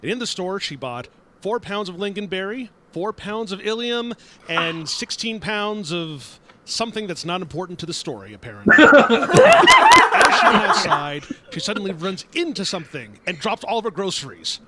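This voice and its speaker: A man's voice: sits high, big pitch swings, a little fast, background noise. A man improvising a story for friends on a call, often laughing and correcting himself. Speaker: player telling the story.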